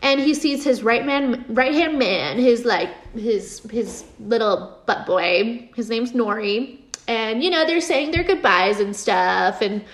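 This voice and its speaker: A woman casually recapping a TV episode in a chatty way, full of fillers and quick laughs. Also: fairly high pitch, expressive. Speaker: show recap host. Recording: roomy echo.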